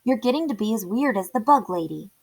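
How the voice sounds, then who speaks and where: A woman's voice: mid-range voice, animated, fast, vocal fry, a little mellow. Woman doing a blunt, puzzled big brother. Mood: exasperated. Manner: blunt, exasperated. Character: puzzled, hot-tempered older brother.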